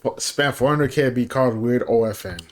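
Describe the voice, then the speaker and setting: A man's voice: mid-range voice, fairly quick. A young man co-hosting a reaction video, laid-back and amused, chiming in with short remarks. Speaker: co-host. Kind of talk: casual reaction chat.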